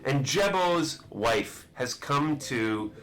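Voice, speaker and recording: A man's voice: medium pitch, expressive, drawn-out words, a bit bright. Rambling man running a tabletop game. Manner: rambling, self-correcting, chuckling. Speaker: game master.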